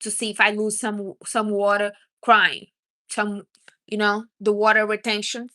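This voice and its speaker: Bright-voiced woman giving blunt advice. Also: mid-range voice, flat delivery, unhurried. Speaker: livestream host. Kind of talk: casual livestream chat.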